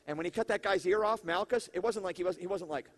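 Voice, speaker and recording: Pastor, man, higher voice, animated conversational sermon, jokes and crowd questions. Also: fast.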